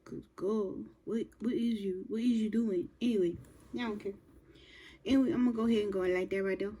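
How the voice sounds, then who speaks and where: Young woman doing a reaction vid, husky kinda mellow voice, rambles to herself, whispers sometimes. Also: mid-range voice, fairly even intonation, fairly quick. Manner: chatty, talks to herself, drops into whispers. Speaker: reaction video creator. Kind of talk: casual reaction commentary.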